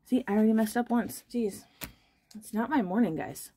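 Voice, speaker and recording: A woman's voice: a little high, normal speed, warm tone, husky. A young woman chatting casually and self-deprecatingly while she opens trading card packs on her channel. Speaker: card-opening vlogger.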